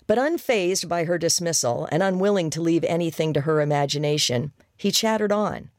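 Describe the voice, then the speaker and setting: An audiobook narrator reading a racy comic story in a wry, even storytelling manner. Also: medium pitch, a little fast, few pauses, dry recording, clean studio sound. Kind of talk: scripted narration.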